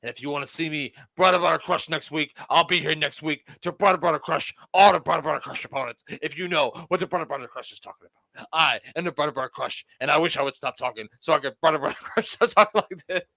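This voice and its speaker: A man putting on a loud, bellowing male wrestler persona that keeps repeating "brother". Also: a little high, quick pace, vocal fry, no echo, pitched above the performer's own voice, heavily acted.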